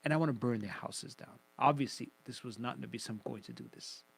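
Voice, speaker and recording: Fast-talking man giving a religious lesson. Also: medium pitch, creaky, rough recording. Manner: fast, emphatic teaching with quoted Arabic recitation. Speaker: Quran commentary teacher.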